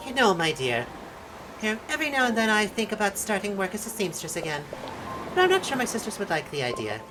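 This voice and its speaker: A woman voicing a gentle, wistful old seamstress who muses about retiring, reading game dialogue aloud. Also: mid-range voice, huge pitch swings, fast talker, over music, rough recording. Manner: wistful, musing.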